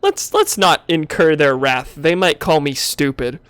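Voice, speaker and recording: A man's voice: fairly high pitch, measured pace, a bit bright, smooth, dry recording. A man streaming a video game, joking casually as he plays and reads lines aloud. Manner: joking, often laughing. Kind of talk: casual let's-play commentary.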